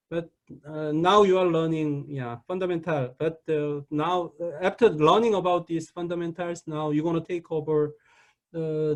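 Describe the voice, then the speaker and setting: Halting, high-voiced male lecturer. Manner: halting, many restarts and repeated "okay". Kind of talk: classroom lecture.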